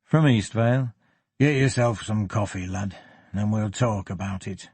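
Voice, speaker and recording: A man voicing a gruff older police superintendent with a Yorkshire accent, blunt and unhurried, in an audiobook. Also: fairly low pitch, a little mellow, no echo. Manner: blunt, unhurried, plain-spoken.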